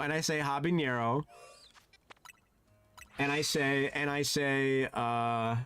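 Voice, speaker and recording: A man streaming a game, chatting casually and sounding animated and flustered, his voice jumping high and dropping low. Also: takes it slowly, long pauses, soft background music. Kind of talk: casual live-stream chat.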